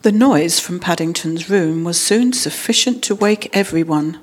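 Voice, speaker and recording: A woman's voice: on the low side, a little slow. Woman reading a storybook aloud.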